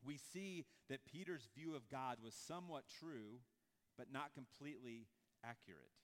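A man preaching a sermon to a congregation, conversational and animated, breaking into acted-out quotes and casual asides. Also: mid-range voice, normal speed. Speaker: pastor. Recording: long hall reverb.

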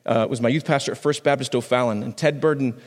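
A man, a pastor, preaching a sermon on a microphone in a conversational way, restarting phrases and swinging his pitch up and down for emphasis. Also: steady tone, quick pace, in a large hall. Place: church sanctuary.

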